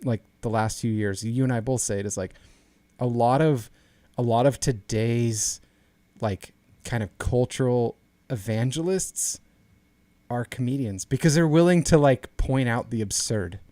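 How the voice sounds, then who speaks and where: A man's voice: medium pitch, unhurried, warm tone, no room sound. Male podcast co-host, casual and rambling, mid-range voice, dry close sound. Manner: rambling, restarts sentences, laughs easily. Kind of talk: casual chat.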